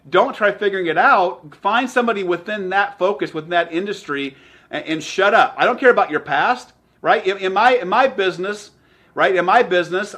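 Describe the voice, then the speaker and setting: A man giving an energetic motivational talk as a sales trainer, emphatic and repeating his phrases. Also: high-pitched.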